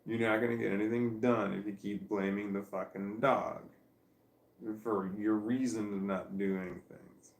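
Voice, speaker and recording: Tired man rambling to himself, gravelly. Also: on the low side, fairly even intonation, measured pace, roomy sound. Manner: talks to himself, argues with himself, laughs and sighs. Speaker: vlogger. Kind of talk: rambling self-talk vlog. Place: at home on a couch with his dog.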